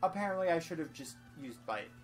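A woman's voice: sits low, animated, brisk. A young woman doing goofy, rambling let's-play commentary with frequent laughs, over faint game music. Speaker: game streamer.

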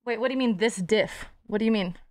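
A woman's voice: on the high side, darkish tone. A young woman streaming live, chatting casually with her chat, playful and profane. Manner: playful, swearing, quick jumps between topics.

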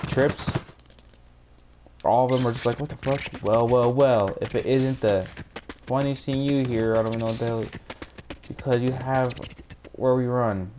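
With game music beneath his medium-pitched voice and a noisy background, a young gaming YouTuber plays a video game. He talks to his viewers in loose, profane running commentary, laughing as he reacts out loud.

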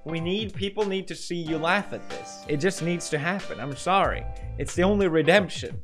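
A man's voice: fairly high pitch, moderate pace, over loud music. A young man hosting a comedic meme-reaction show, exclaiming, laughing and mock-outraged as he reacts. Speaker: host.

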